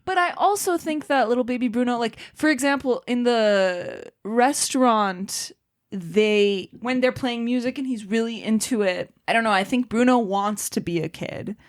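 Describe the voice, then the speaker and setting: Upbeat woman co-host, slightly high voice. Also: normal speed. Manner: enthusiastic, laughs often, quips. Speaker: podcast co-host. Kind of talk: casual chat about a film.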